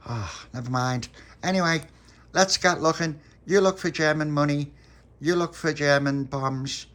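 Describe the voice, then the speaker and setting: A man's voice: on the high side, a little slow, fairly bright tone, voice pushed up. A man voicing an eager, bossy little boy who stumbles over his words as he leads his friends' game.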